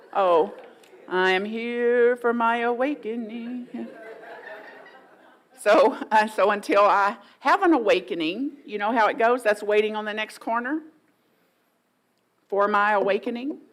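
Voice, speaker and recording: A middle-aged woman, preaching a sermon in a folksy, playful way and acting out inner voices for the congregation. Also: medium pitch. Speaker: guest minister.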